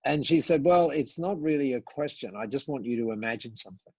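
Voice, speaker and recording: Husky older man telling a lively story. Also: medium pitch, a little fast, no room sound, lo-fi sound. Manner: animated storyteller, acting out quoted dialogue, frequent "uh" and repeats. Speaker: podcast guest. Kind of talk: storytelling in conversation.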